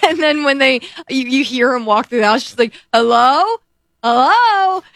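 A woman's voice: sits high, a little fast, a bit bright, no echo, clean studio sound. A woman in a casual group chat, telling a story with frequent giggles.

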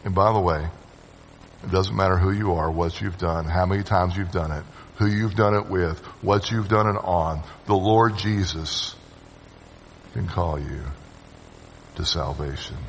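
A man preaching a sermon to his congregation. His voice swings from loud urging to hushed, low phrases, and he calls on the listeners to answer him. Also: a little slow, vocal fry, a little hiss or hum. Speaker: pastor. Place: church sanctuary with long reverb. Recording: reverberant church hall sound.

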